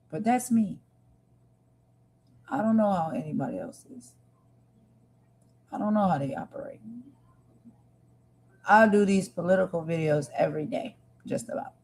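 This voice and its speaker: A woman with a fairly low, slightly mellow voice hosts a livestream, offering emotional commentary and speaking to her viewers earnestly and with passion. Slight background noise can be heard.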